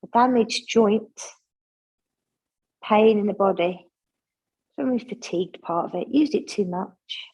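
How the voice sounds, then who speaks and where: A woman with a soft, breathy voice guides a yoga flow. She talks the class through each move in a gentle, chatty way and drops in friendly asides. Her pitch sits in a middle range. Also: measured pace, pauses often, muffled recording. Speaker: yoga instructor.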